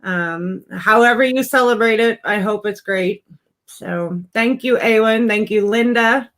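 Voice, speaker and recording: A woman hosting a relaxed conversation in a bright, sharp tone. She speaks in an easygoing way, hedging a little and gently poking fun at herself. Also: on the high side, unhurried. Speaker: host. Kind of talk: casual chat.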